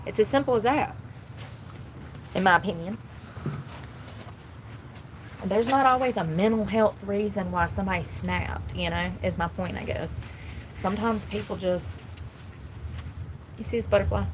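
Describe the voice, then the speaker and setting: A woman's voice: medium pitch, normal speed, pauses often, noisy background. A woman chatting casually on a live stream outdoors, blunt and thinking aloud as she talks. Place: outdoors near traffic.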